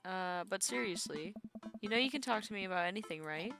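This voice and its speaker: A woman voicing a caring, joking single father as she reads a dating game aloud, in a gentle, teasing manner. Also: medium pitch, animated, fairly quick, gravelly, music in the background. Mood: tender. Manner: gentle, teasing, dad-joke delivery.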